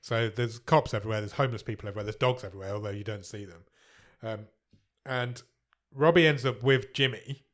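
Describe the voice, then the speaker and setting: A man's voice: lowish voice, a little fast, fairly bright tone. A man co-hosting a casual film podcast, wry and sweary as he sums up the plot. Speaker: podcast co-host.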